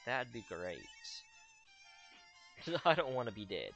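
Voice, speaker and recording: Slow and sing-song, a young man with a medium-pitched, somewhat bright voice hosts a let's play, offering sarcastic, jokey commentary on his gameplay. His voice rises and falls dramatically as he reacts, over faint background game music.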